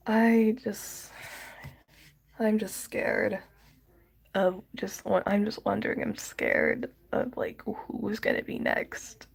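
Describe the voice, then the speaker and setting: A woman's voice: mid-range voice, fairly even intonation, slow pace, creaky, breathy edge. A woman crying as she vents in a vlog, sighing and dropping into whispers. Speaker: vlogger. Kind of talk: emotional vlog rant.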